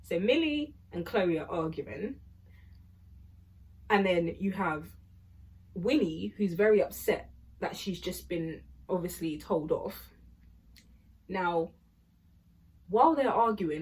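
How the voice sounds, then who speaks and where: Chatty husky young woman telling a story. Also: fairly low pitch, lively intonation, slow, pauses often, a little mellow. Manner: chatty, rambling, full of fillers and laughs. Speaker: vlogger. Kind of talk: storytime vlog.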